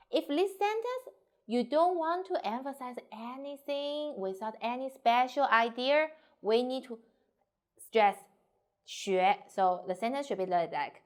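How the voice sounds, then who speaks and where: A woman's voice: fairly high pitch, lively intonation, unhurried. A Mandarin Chinese teacher explaining pronunciation in simple, non-native English, a woman who speaks it as a second language and switches into Mandarin example sentences. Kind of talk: language lesson.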